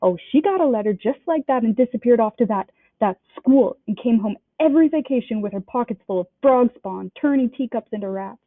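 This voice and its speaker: A woman's voice: animated, brisk, few pauses, no echo. Aunt Petunia, a woman playing a shrieking bitter aunt. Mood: shrill, ranting. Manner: shrieking, ranting in a high pitch. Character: shrill bitter middle-aged aunt, resentful. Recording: dry, tinny phone-like sound.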